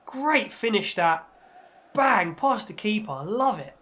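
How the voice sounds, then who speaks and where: A man with a fairly high voice commentates on a football video game in a playful, chatty way. He rattles along between moves and jumps into excited mock-broadcaster shouts whenever the action heats up. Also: takes it slowly. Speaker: gaming channel host.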